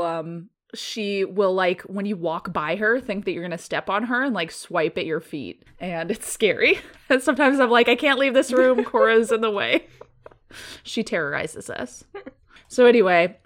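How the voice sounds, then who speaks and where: A woman co-hosting a podcast in casual chat, animated and laughing often as she tells stories. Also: mid-range voice, a little slow. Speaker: podcast co-host.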